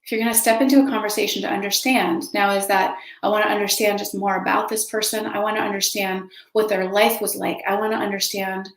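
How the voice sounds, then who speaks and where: A woman's voice: medium pitch, flat delivery, fast talker, hardly any pauses. Earnest woman teaching in an echoey room. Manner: earnest, emphatic, repeats words, acts out example dialogue. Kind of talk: spoken teaching talk.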